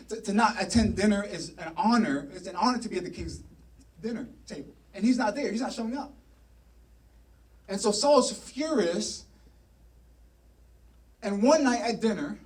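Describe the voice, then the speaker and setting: A male pastor preaching a sermon in a church, telling a story with animated energy and playful asides. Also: sits high, recorded from a distance. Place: church sanctuary.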